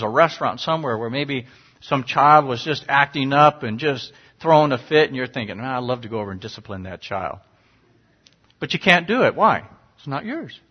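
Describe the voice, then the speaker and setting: This middle-aged man's voice is fairly high and husky as he delivers a sermon. His manner is earnest and conversational, with occasional sharp rises for emphasis, all on a dull lo-fi recording.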